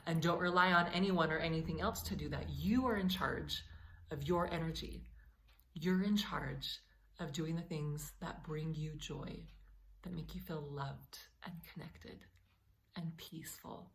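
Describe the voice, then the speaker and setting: A woman's voice: low voice, a little slow, fairly bright tone, slight background noise. A woman vlogger talking to camera in an earnest, encouraging way, speaking straight to her viewers. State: a little emotional. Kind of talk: heartfelt talk to camera.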